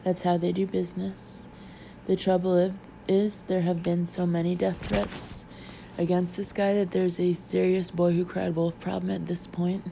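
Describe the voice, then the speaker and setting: Terse, grim male agent, read by a woman; flat, low, gravelly delivery. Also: normal speed, lo-fi sound, a little hiss or hum. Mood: weary. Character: weary, defiant male field agent.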